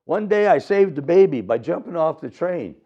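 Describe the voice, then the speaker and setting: Guy doing a boastful old hobo spinning yarns, high and lively, gravelly, lo-fi. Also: normal speed. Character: boastful male hobo spinning tall tales.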